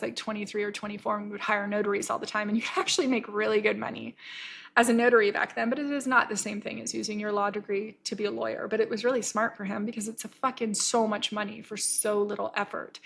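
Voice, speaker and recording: A woman's voice: medium pitch, vocal fry, a bit bright. Blunt, candid woman telling a story. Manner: candid and swears freely; retells scenes with quoted dialogue. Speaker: podcast host. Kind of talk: casual storytelling.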